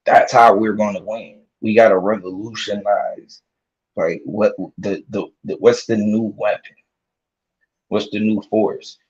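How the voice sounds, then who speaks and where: A man's voice: lowish voice, fairly even intonation, a little slow, a little mellow, husky. A man hosting a casual conversation, agreeable and thinking aloud with restarts. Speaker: host. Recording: dull lo-fi audio.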